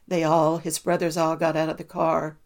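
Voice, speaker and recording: A woman, a mother telling a personal story in a halting way, with many ums and restarts. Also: low-pitched, completely flat delivery, darkish tone. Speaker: mother recounting a family loss. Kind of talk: personal testimony.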